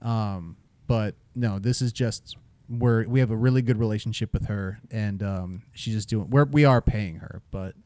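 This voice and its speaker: A man in his thirties co-hosting a podcast, talking in a halting way with many filler pauses. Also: lowish voice, darkish tone, dry recording. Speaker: podcast co-host. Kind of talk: casual chat.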